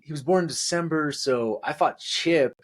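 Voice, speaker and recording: A young man co-hosting a podcast, chatting casually and rambling through stories, jumping up high when he acts out quotes. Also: normal speed. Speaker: podcast co-host. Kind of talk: casual chat.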